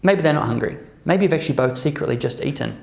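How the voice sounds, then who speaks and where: A man leads a relaxed workshop, his fairly high voice carrying a gravelly edge. He keeps checking in with the group through quick tag questions. The recording sounds roomy and echoey, with faint music underneath. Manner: chatty, checks in with the group using frequent "okay?" and "right?". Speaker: workshop presenter. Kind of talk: casual workshop talk to a live group.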